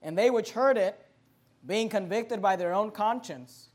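A man preaching a sermon and reading scripture aloud, fervent and emphatic, dropping quiet and then rising loud. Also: sits high, unhurried.

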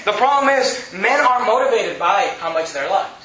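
Man preaching, reads bible verses and explains them, high voice, echoey lo-fi church recording. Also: animated, crowd noise. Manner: reads scripture aloud and explains it in plain talk; halting restarts and self-corrections. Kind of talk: sermon. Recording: echoey, dull lo-fi room recording.

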